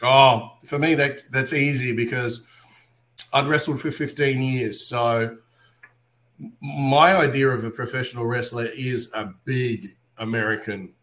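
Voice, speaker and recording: An Australian wrestler and actor tells animated stories in a casual interview, acting out other people's lines along the way. His voice is medium-pitched and unhurried.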